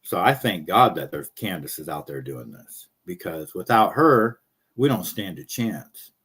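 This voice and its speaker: Host, male, lowish voice, rants bluntly and swears a lot, hoarse from talking. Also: very animated, a bit bright. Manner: blunt, profane, fast-talking. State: losing his voice. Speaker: show host. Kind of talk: casual ranting commentary.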